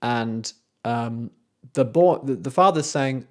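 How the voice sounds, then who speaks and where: A man's voice: mid-range voice, slow pace. A man, a composer, giving a casual, enthusiastic commentary on a classical art song, with a conversational manner. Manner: enthusiastic, conversational, with frequent fillers. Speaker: composer hosting a music analysis show.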